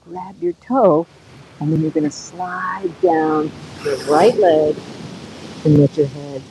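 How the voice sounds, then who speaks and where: A woman over fifty teaching a live yoga class outdoors on a beach, giving gentle, coaxing cues and counting breaths. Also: sits low, expressive, slow, vocal fry, noisy background.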